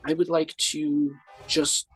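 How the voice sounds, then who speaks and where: A man's voice: a little high, little pitch movement, slow pace, soft background music. A man playing a tabletop game, talking casually and hesitantly with frequent ums. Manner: casual, hesitant, many ums, laughs easily. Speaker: player.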